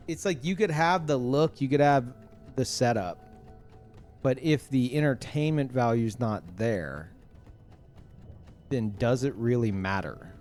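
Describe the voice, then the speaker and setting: Rambling streamer man, slow pace. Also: medium pitch, lively intonation, darkish tone, soft background music. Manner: rambling, many fillers and restarts. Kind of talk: casual stream chat.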